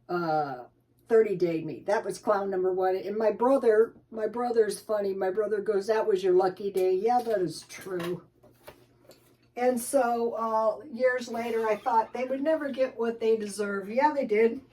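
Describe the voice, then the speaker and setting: A woman's voice: a little high, a little mellow. A middle-aged to older woman chatting casually to her viewers while showing old family photos, rambling and laughing often. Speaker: vlogger.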